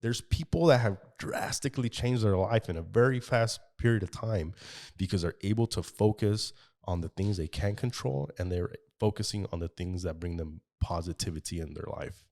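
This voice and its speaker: A man's voice: low voice, normal speed, darkish tone. A man hosting a casual podcast, thanking his guest in an encouraging way. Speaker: podcast host.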